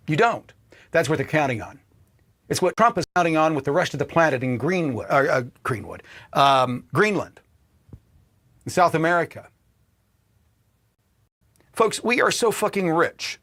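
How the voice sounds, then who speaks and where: A man hosting a political livestream, ranting with profanity and swinging between shouting and low muttering. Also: husky. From Indiana, US. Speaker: political commentary host.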